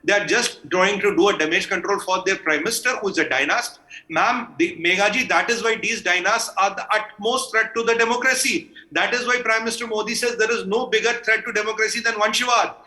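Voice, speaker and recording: Combative man, bright forceful voice. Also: high-pitched, a little fast, rough recording. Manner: combative, sarcastic, emphatic. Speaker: panel guest. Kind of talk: heated news debate.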